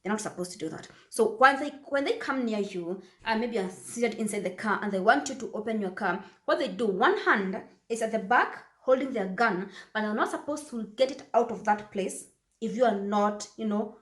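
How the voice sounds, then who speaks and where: A woman's voice: medium pitch, moderate pace, a bit bright, echoey room. A woman from Kenya, talking casually to camera as a vlogger and repeating phrases for emphasis.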